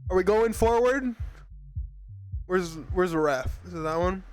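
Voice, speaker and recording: A man's voice: sits high, unhurried, smooth, faint music behind. A young man from Arizona chatting casually with his live chat as a streamer, rambling and laughing often.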